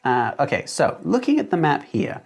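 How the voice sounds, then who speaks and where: A man's voice: a little high, very animated, normal speed, gravelly, slightly rough. A man who grew up in Australia with an English accent from British parents, hosting a casual livestream from a small home room and rambling with lots of fillers. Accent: English accent from British parents, living in Australia. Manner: rambling and chatty, with many fillers and restarts. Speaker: livestream host and mapmaker. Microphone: desk mic, no headphones.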